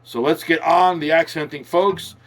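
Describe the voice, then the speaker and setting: A man's voice: fairly high pitch, steady tone, moderate pace. A man teaching guitar in a chatty, emphatic way, repeating key words and drifting into folksy asides. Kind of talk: casual instructional talk to camera. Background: guitar playing.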